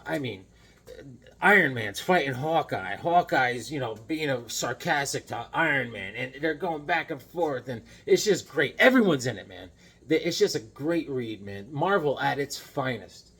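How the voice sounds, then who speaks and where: Husky, lively comic-collecting man. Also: medium pitch. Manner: enthusiastic, rambling, jokey, repeats "man". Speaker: comic collector showing his finds. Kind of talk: casual chat.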